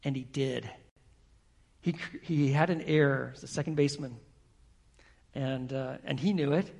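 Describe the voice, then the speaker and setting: Gravelly, husky preacher telling a story. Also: male voice, medium pitch, unhurried, a little mellow. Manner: storytelling, asks the congregation questions. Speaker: pastor. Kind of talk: sermon.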